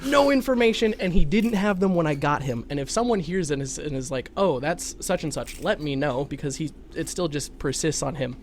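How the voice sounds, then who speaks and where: Animated man telling a pet story. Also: a little high, a little fast, few pauses, slight background noise. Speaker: podcast co-host. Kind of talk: casual chat.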